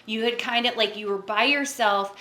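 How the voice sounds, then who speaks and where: A woman's voice: a little high, moderate pace, pushed and bright, reverberant. A woman hosting a podcast in casual conversation, summing up her guest's story. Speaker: podcast host. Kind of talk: casual chat.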